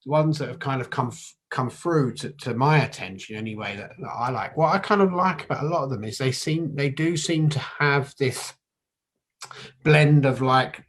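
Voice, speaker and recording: A man's voice: medium pitch, moderate pace. A man hosting a casual conversation, talking hesitantly with many restarts and fillers. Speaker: podcast host.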